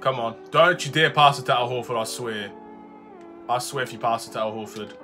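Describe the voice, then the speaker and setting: Fairly quick and excitable, this young Australian YouTuber narrates his basketball game live over background music. His commentary veers between quiet muttering and bursts of frustrated yelling.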